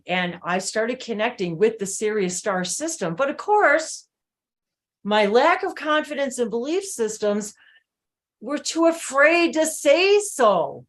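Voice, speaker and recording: A woman with a slightly high voice tells her stories with animated emphasis. She keeps turning to her viewers as she talks over a video call. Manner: animated, emphatic storytelling, addresses viewers directly. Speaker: channeling host. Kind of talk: live video-call chat.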